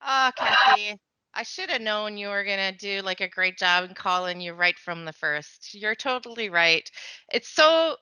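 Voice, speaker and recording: A woman from New Brunswick moderating a panel discussion, chatty and animated, switching between English and French. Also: on the high side, dry recording. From New Brunswick, Canada. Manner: chatty, animated, laughs often.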